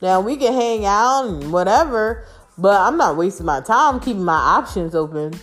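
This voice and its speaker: A woman's voice: mid-range voice, expressive, moderate pace. A woman vlogger talking frankly and emphatically to the camera, swearing freely and often asking "you know?". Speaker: vlogger giving dating advice. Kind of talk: casual monologue to camera.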